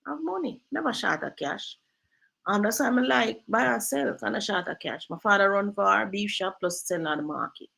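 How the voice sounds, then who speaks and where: Woman host, bright tone, chatty storyteller with patois. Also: mid-range voice, normal speed, gravelly, low-quality recording. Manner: lively storyteller, drifts into patois. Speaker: real estate agent and host. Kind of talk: casual storytelling chat.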